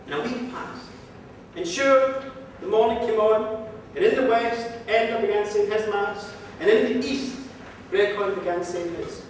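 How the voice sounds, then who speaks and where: A man's voice: sits high, unhurried, a little hiss or hum. A man telling an old folk tale in a lilting, rhythmic way, recorded with a distant mic in a museum hall. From Ireland. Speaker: storyteller. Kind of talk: live folk storytelling. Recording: echoey hall from far off.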